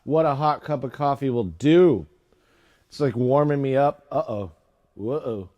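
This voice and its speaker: The audio is dull as a man with a mid-range voice talks at a moderate pace during a casual livestream from his home studio. While making music, he rambles, jokes at his own expense, and runs through tongue twisters again and again.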